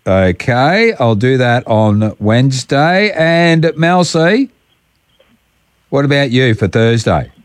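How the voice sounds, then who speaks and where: A man's voice: mid-range voice, lively intonation, slow pace, dry recording. An Australian man hosting a morning radio show, jokey and matey, often laughing with callers. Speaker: radio host. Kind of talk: breakfast radio chat.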